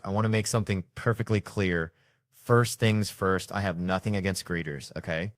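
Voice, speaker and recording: A man's voice: low-pitched, dry recording, studio quality. A man doing stand-up, telling a profane story and acting out the people in it. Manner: animated, profane, acts out characters. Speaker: stand-up comedian.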